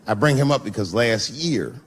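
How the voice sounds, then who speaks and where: Man, middle-aged, stand-up comedian, conversational storytelling, mid pitch, faint background hiss. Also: animated, moderate pace. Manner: profane, conversational storytelling with sudden pitch jumps for voices. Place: stage before a live audience.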